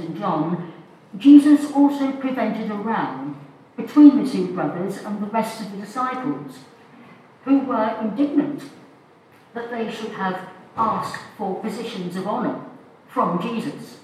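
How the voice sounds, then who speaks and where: Slow-speaking woman preaching in an echoey church. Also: fairly high pitch, warm tone. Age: older. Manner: slow, measured, thoughtful delivery. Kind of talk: sermon. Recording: echoey church heard from a distance.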